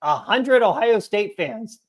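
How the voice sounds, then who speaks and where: This young sports podcast co-host speaks slowly in a high voice with lively intonation. His casual talk wanders through profane, filler-heavy stories.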